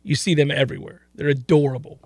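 A man hosting a sports radio show in a studio, telling stories in animated, exclaiming bursts. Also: on the high side, quick pace, no room sound. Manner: animated storytelling, rising to loud exclaiming. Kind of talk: casual sports radio chat. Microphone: studio mic.

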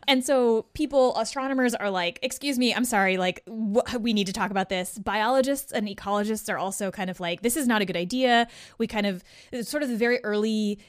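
A woman's voice: medium pitch, a little fast, few pauses, no room sound, clean studio sound. A woman guest-hosting a podcast, telling a story in casual chat, laughing and acting out the voices of the people in it. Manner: lively, laughing, acts out quoted voices. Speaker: guest host.

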